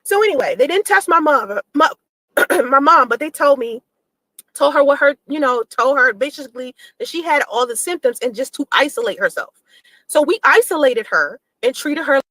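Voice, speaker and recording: A woman talks straight to her viewers in a relaxed vlog, her voice sitting high. She tells a personal story with lots of energy and acts out the back-and-forth she describes. The sound is close and dry, with no room around it. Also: normal speed, dry recording, rough recording. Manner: animated, acts out quoted exchanges in her telling. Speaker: mother telling her own story to camera.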